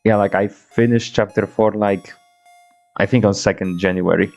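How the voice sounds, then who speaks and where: A man's voice: fairly low pitch, fairly even intonation, moderate pace, gravelly, a little mellow, muffled recording, soft background music. A man in his twenties streaming a game, chatting loosely with restarts and laughs, reading the on-screen dialogue in his own voice. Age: 20s. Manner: rambling, stammering restarts, swears, laughs often. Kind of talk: casual gameplay commentary, reading dialogue aloud. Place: home room, playing on a laptop.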